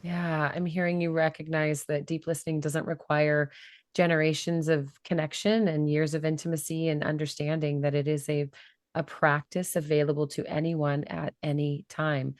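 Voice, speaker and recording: Low-voiced woman host. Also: dry recording, clean studio sound. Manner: measured, thoughtful, restates the guest's point. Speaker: podcast host. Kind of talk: reflective interview talk.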